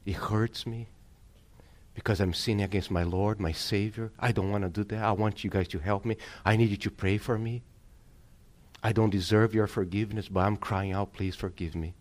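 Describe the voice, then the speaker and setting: A man voicing a remorseful mother in a sermon story, speaking softly and pleading with her family for forgiveness. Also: fairly low pitch, fairly even intonation, moderate pace, pitched below the performer's own voice, close to an everyday voice. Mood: pleading, contrite. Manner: soft, pleading, contrite.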